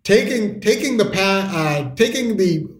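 A man's voice: high voice, lively intonation, a little slow. Rambling man telling stories. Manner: rambling, restarts, lots of "like". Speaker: storyteller guest. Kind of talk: casual interview storytelling.

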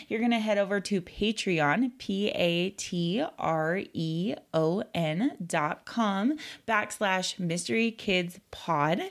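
Chatty woman hosting a kids' podcast. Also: medium pitch. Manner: chatty, gushing, with quick asides. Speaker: podcast host. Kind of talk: casual chat to young listeners.

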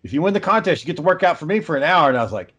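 A man with a slightly high voice tells stories in relaxed podcast chat. He swears casually and laughs along at his own tales. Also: racing, breathy edge.

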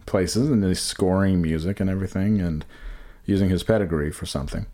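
A man's voice: sits low, brisk, dark tone. A man co-hosting a podcast in casual banter, rambling and profane, often trailing off and restarting sentences. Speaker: podcast co-host.

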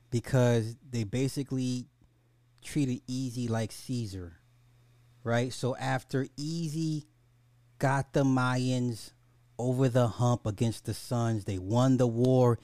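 A man hosting a casual podcast, ranting in an animated, profane, excitable way. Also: medium pitch, dry recording. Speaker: podcast host.

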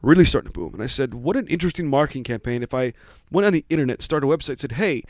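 A man's voice: medium pitch, expressive, rapid-fire, a little mellow, no room sound. A man in his forties casually telling a long story about his start, rambling and self-deprecating with many restarts. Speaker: guest.

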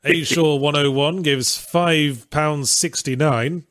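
A man's voice: on the high side, steady tone, slow, a bit bright, no echo. A man co-hosting a casual stream, reading out donations with dry, wry asides.

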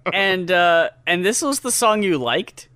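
Bright, high-voiced male podcast host. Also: animated, unhurried, smooth. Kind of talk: casual chat.

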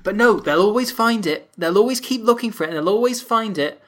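A man's voice: sits high, animated, a little fast. A man hosting a podcast, joking and laughing often in casual chat. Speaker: podcast host.

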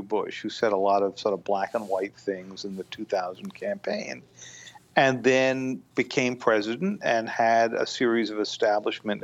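Measured, thoughtful man on a lo-fi line. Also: mid-range voice, creaky. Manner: measured, thoughtful, frequent "you know" fillers. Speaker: guest foreign-policy analyst. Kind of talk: podcast discussion.

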